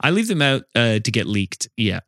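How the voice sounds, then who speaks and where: A man's voice: mid-range voice, sing-song, normal speed, fairly bright tone, no room sound. A man co-hosting a comedy podcast, telling absurd made-up stories with a straight face in casual improvised chat. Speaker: podcast co-host.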